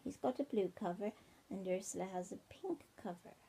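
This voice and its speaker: An older woman, a grandmother, reading a bedtime story to her grandchildren at home on a tablet. She speaks gently, often drops to a whisper, and stops to ask the children questions. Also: medium pitch, normal speed, vocal fry, a little hiss or hum. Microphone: iPad mini.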